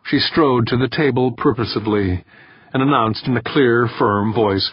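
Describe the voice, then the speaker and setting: A man narrating a novel in a steady, even storytelling voice. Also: mid-range voice, normal speed, slightly rough, dry recording. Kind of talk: audiobook narration. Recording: dull, dry, slightly muffled recording.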